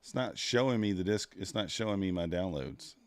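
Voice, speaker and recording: A man with a low, deep voice chats loosely with his stream audience as he trades. He rambles and mutters to himself while hunting through his software. The sound is close and dry, with no room around it. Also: a little fast, no echo. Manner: rambling, talks to chat while fiddling with software. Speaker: livestreaming futures trader. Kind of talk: casual livestream chat.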